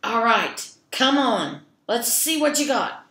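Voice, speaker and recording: A woman voicing a hungry, greedy troll under a bridge, with loud blustering threats. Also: sits high, very animated, slow, slight background noise, pitched above the performer's own voice, heavily acted. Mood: challenging. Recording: echoey room.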